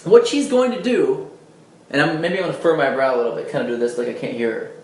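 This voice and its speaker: A man's voice: a little high, quick pace, a little mellow, echoey room, rough recording. A man giving a casual, demonstrative dating lesson, talking conversationally with fillers and restarts. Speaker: dating coach. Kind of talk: casual instructional talk to camera.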